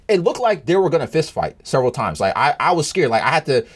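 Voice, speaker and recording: Casual male storyteller, opinionated and rambling, very lively pitch swings. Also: a little fast, hardly any pauses, breathy edge. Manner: animated, rambling, swings pitch high in exasperation.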